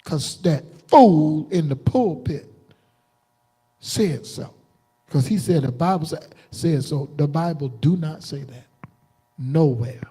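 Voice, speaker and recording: A man preaching a combative, defiant sermon on a livestream, jumping into sudden high outbursts. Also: slow, warm tone, breathy edge. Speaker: preacher streaming live.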